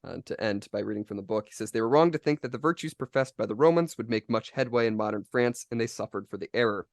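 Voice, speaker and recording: Fast-talking low-voiced American man. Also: no room sound, studio quality. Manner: brisk reader, frequent "um" and "you know". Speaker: podcast co-host. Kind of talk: casual discussion, reading quotes from a book.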